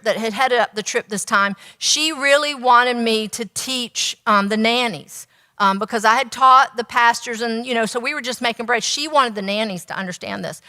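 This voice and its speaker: A woman's voice: on the high side, pushed and bright, long reverb tail. A woman nutritionist giving a teaching talk, telling stories and asking the audience rhetorical questions.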